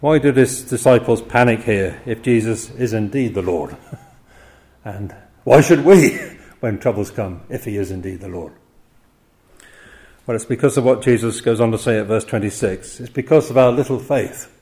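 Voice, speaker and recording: A man's voice: lowish voice, normal speed, dark tone. An older man preaching an expository sermon, often chuckling between points and voicing the quoted cries with drama.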